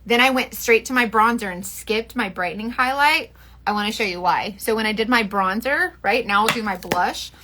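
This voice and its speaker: A chatty woman from Florida, USA, who sells makeup, vents animatedly to livestream viewers while doing her makeup, rambling in casual asides and swearing. Her bright, clear voice sits a little high, at a moderate pace.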